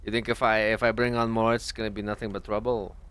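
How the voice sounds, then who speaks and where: A man roleplaying in character in casual, profane chat, halting with fillers. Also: lowish voice, little pitch movement, a bit bright, smooth. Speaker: roleplay player.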